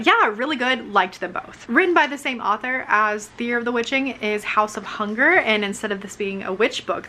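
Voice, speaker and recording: A young woman chats about books in her living room, bubbly and full of little giggles and fillers. Her voice is bright and forward, sounding a touch worn out. A faint room hum sits behind her. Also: mid-range voice. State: voice wearing out. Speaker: author vlogger. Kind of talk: casual chat. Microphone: camera mic.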